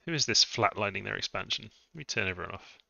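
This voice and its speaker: A man's voice: fairly low pitch, animated, fast talker, vocal fry, sharp tone, no echo. A man thinking aloud as he live-streams a strategy game, musing over his moves. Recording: dull lo-fi dry mic sound.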